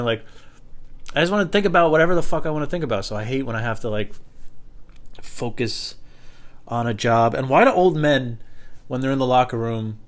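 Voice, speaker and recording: A young man, a comedian, rambling in a loose, profane, self-deprecating way, with lots of fillers and sudden loud high voices when he quotes people. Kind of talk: rambling stand-up style monologue.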